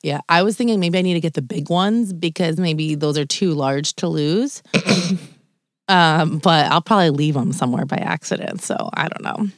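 Young woman, low pitch, dry recording, casual animated chat. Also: normal speed, no room sound. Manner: chatty, animated, swears casually. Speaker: podcast co-host.

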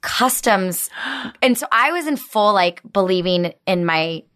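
A woman talks through her stories on a podcast in a relaxed, conversational way. She tells them with energy and takes on the voices of the people she quotes. Her pitch sits in a middle range. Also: a little slow, smooth. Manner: animated storyteller, acts out quoted voices. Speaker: podcast guest. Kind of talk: casual chat.

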